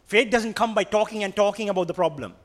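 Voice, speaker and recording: A man with a Sri Lankan accent delivers a sermon in a notably high voice for a man. He presses his points hard and repeats them, slipping into Sinhala now and then. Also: fast. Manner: emphatic and repetitive, switching between English and Sinhala. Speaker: preacher.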